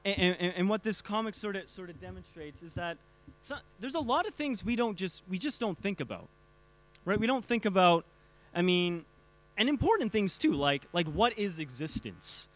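A man's voice: high voice, animated, fairly bright tone. A man teaching a church group in a casual talk, often stumbling over and repeating words while quizzing his listeners. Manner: halting, repeats words, asks the audience questions.

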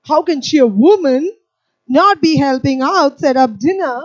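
A woman's voice: animated, measured pace, no echo, highs cut off. A woman voicing an indignant, overworked woman who complains shrilly that her sister is not helping. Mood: aggrieved. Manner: shrill, aggrieved pleading.

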